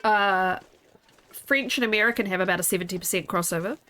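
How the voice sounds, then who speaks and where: A woman's voice: medium pitch, brisk, bright, forceful tone. A woman, streaming a game and chatting with viewers in a rambling, giggly way. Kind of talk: casual live-stream chat while gaming.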